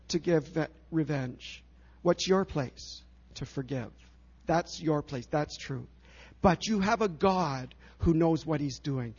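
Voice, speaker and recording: A man preaching a sermon as pastor, earnest and emphatic, slowing down to stress key phrases. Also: on the high side, gravelly, a little mellow, slightly rough, lo-fi sound.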